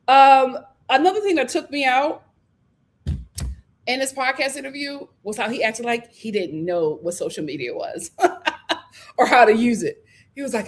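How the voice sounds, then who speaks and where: A high-voiced woman with riffs on reality TV gossip. Her delivery is sassy and animated, jumping from loud outbursts to quiet, drawn-out asides. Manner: animated, sassy, swinging between shouts and low asides. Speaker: commentary channel host. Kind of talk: casual reality-show commentary.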